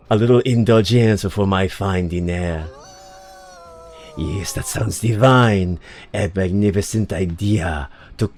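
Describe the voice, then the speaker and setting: A man voicing a pompous male French werewolf villain in a game, with a put-on, drawn-out fake French accent. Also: lowish voice, darkish tone. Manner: theatrical, drawn-out, savoring words.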